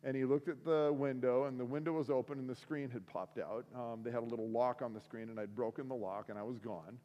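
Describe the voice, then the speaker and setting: A man's voice: mid-range voice, quick pace, lo-fi sound. Middle-aged man telling stories in a reverberant hall. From Seattle area, USA. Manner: relaxed, self-mocking storyteller with frequent fillers. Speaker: week of prayer speaker. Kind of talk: storytelling sermon.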